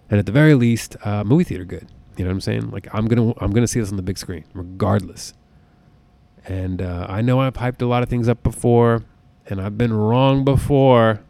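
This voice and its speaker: A man hosting a solo podcast, talking casually in an excitable, jokey, profane way. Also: lowish voice, fairly quick, creaky, no room sound. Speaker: podcast host. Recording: close podcast mic.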